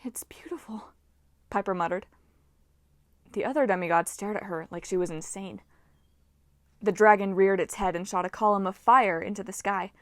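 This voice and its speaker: A woman reading a novel aloud as narrator, in a lively, expressive way. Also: medium pitch, normal speed, pauses often, no room sound, studio quality. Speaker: audiobook reader. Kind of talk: storybook narration.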